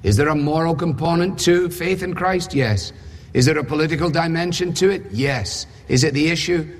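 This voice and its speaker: A man preaching with a slightly raised pitch and a husky edge to his voice. He drives his points home with rhetorical questions and a dry wit, and his words ring out in a large hall with long reverb. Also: moderate pace. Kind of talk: sermon.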